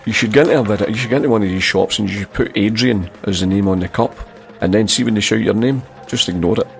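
A man's voice: lowish voice, fast, vocal fry. A middle-aged man with a Scottish accent, co-hosting a casual chat, jokey and often laughing. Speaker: co-host.

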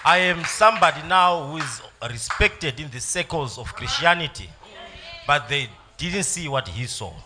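A man's voice: fairly high pitch, animated, moderate pace, heavy background noise. A man giving an emotional, storytelling church testimony. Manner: storytelling, emotional, laughing at times.

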